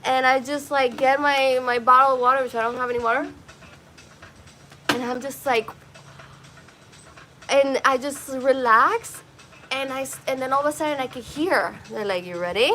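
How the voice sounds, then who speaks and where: A woman's voice: high-pitched, fairly even intonation, unhurried, pushed and bright, slight background noise. Emotional rambling woman telling a story. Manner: emotional, rambling, swears freely. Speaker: podcast host. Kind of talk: personal storytelling.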